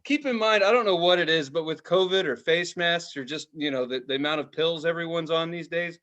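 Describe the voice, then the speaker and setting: A man's voice: a little high, a little fast, lo-fi sound. A man in his forties telling stories in a casual podcast chat, swearing freely and laughing often. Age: 40s. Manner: profane, animated storyteller, laughs often. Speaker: podcast co-host.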